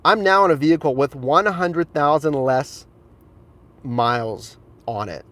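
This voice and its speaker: A fairly high-voiced man talks excitedly while walking viewers around a car he films on his phone. He keeps calling the audience guys and gushing about the interior. It is a casual live-stream walkthrough recorded in and around the car. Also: unhurried. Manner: enthusiastic, chatty, addresses viewers as guys. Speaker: rideshare driver and streamer. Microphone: handheld phone camera.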